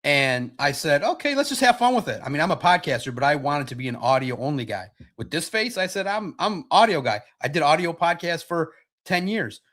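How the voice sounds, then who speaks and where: A man hosting a sports podcast live stream, chatting casually in an animated, repetitive way with frequent restarts. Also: on the high side, moderate pace, hardly any pauses.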